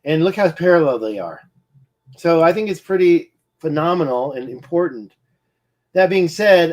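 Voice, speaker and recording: A man rambling through a screen-share of satellite maps, muttering, restarting his sentences and getting sidetracked by hiccups. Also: on the high side. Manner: distracted, muttering, self-correcting. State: hiccuping, eye twitching. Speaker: independent researcher presenting maps.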